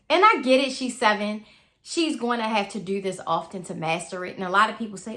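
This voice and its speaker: A woman's voice: medium pitch, fairly quick, sharp tone. A mother talking earnestly in a loose, conversational monologue, sharing advice. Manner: earnest, conversational, speaks in loose repeating phrases.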